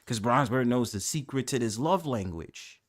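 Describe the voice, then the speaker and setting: A man's voice: mid-range voice, animated. A man with a New York accent hosting a live stream, teasing his guest in casual banter with frequent laughs. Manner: playful, teasing, quick to laugh.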